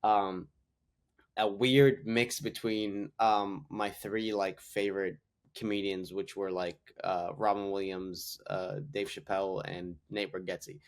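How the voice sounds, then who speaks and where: A man's voice: low-pitched, little pitch movement, slow pace. A man in his twenties from Canada, a guest comedian telling rambling anecdotes full of "like.". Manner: rambling anecdotes, heavy use of "like". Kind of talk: casual podcast storytelling.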